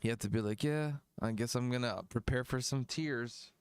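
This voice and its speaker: A man's voice: medium pitch, moderate pace, clean tone, no echo. A man hosting a music review livestream, rambling casually between songs, swearing freely and laughing often.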